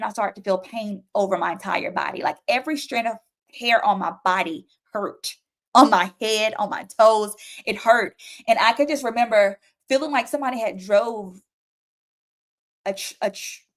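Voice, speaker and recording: As a talk show guest, a young adult woman gives an emotional personal testimony, vividly acting out frantic voices and pleas as she tells her story. Her voice sits at medium pitch with a fairly bright tone and a moderate pace.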